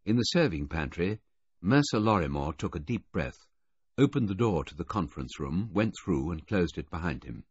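Brief: male audiobook narrator, low and husky, expressive, dry lo-fi sound. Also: normal speed, dry recording. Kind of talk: first-person scripted narration. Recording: dull, dry lo-fi audiobook recording.

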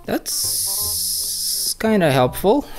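In a mid-range voice and at a very slow pace, a woman gamer delivers excitable let's play commentary over soft background music. She swears a lot, shrieks when surprised, and talks back to the enemies on screen.

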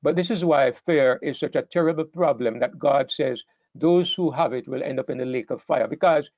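A man's voice: fairly high pitch, moderate pace, no room sound, highs cut off. A man preaching a sermon, emphatic, stressing key words and often repeating himself as he restarts phrases.

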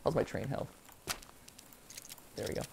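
A man hosting a casual let's-play, excitable and joking, shouting at the game as he plays. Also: unhurried, background noise. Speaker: host. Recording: game music behind.

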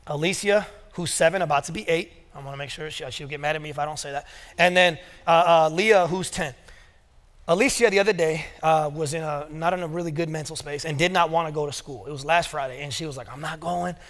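A man in his thirties preaching a sermon, telling family stories with casual asides and quoted dialogue. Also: on the high side. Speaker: pastor. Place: church sanctuary. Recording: long reverb of a church hall.

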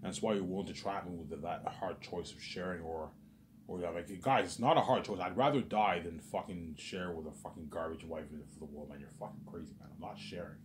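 Talking fairly quickly in a low-pitched voice, a male vlogger delivers an agitated, rambling monologue over a noisy background. He keeps repeating "obviously" and "man" and swears a lot.

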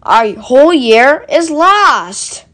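Woman reading as a timid piglet, male, fretful, anxious, slow and high. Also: sing-song, fairly bright tone, heavily acted. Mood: worried. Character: small timid male piglet, easily upset.

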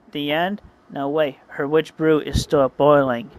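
A man's voice: fairly high pitch, takes it slowly, few pauses, poor audio. A man earnestly narrating his own comic as a story, often correcting himself mid-sentence. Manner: earnest, frequent self-corrections.

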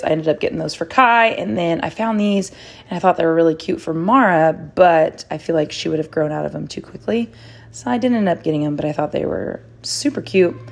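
A woman's voice: on the low side, vocal fry, a little mellow. A young woman vlogging casually, chatting in a rambling, candid way as she runs weekend errands. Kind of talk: casual vlog chat. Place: parking lot, then store.

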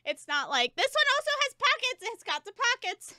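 High, bubbly young woman streamer. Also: big pitch swings, moderate pace, sharp tone, dry recording, studio quality. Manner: giggly and chatty, talking to chat while changing onesies. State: out of breath. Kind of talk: casual livestream chat.

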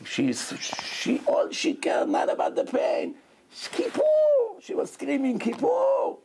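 Animated preaching man. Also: very high voice, slow, gravelly, a little hiss or hum. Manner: animated preaching with acted-out quotes. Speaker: rabbi. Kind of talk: sermon.

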